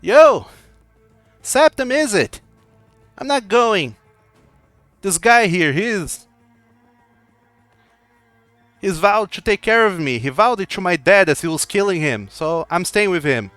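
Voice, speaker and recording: A man voicing a brash teenage boy who shouts and boasts loudly. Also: high voice, lively intonation, measured pace, dry recording, faint music behind, voice pushed up. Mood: boastful. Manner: loud and boastful.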